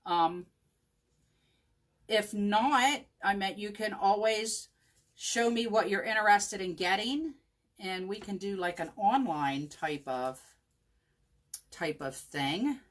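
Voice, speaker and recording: Slow and medium-pitched with long pauses, a woman hosts a live chalk craft tutorial at her home craft table while her dog rests at her feet. She talks with viewers, thinks out loud and answers each by name.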